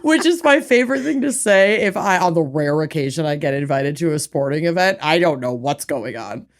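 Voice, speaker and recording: A young woman co-hosting a podcast, chatting casually, animated, swearing freely and laughing often. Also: low-pitched, a little fast. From Minnesota. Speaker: podcast co-host. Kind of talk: casual chat.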